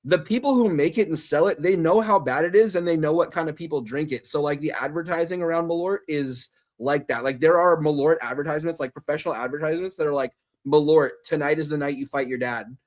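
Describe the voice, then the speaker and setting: A man co-hosting a podcast in loose, casual chat. His voice sits a little high, and he gets animated as he tells stories, swears freely and breaks into quick laughs. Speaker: podcast co-host.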